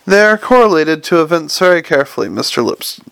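A man's voice: on the high side, sing-song, fairly quick, gravelly, fairly bright tone, clean tone, no echo, exaggerated voice. A man reading an audiobook, voicing an eager little tinkerer who explains his water machine earnestly.

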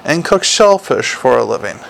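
A man's voice: medium pitch, big pitch swings, normal speed, creaky, a bit bright, slight background noise, full character voice, low-quality recording. A man voicing a blunt, defensive young werewolf policewoman, clipped in manner.

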